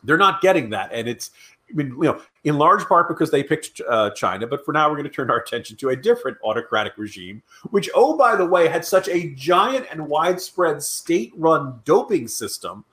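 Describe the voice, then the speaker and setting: Man, podcast co-host, sarcastic rant, lively pitch swings, slightly high voice. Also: a little fast. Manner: sarcastic, animated ranting. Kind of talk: casual political chat.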